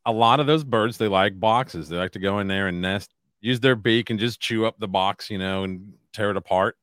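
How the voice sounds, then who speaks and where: A man co-hosting a casual podcast, relaxed, reading out news items and telling easygoing stories. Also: lowish voice, moderate pace, clear, resonant tone, dry recording, clean studio sound. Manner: relaxed storyteller, reads news items aloud. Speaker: podcast co-host.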